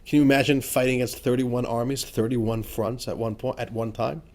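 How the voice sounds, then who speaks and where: A man with a mid-range, darkish voice and a flat, brisk delivery leads a lesson on a religious text as a rabbi. The teaching is informal and chatty, sprinkled with "right?" and "you know," and he regularly asks his audience rhetorical questions.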